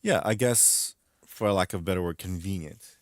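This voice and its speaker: A man with a fairly low voice holds forth as a stream host, rambling through his opinions. He leans hard on his points and repeats them. The sound is dry and close, with little room tone. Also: normal speed, no room sound. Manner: rambling, emphatic, repeats himself. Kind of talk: casual gaming stream commentary.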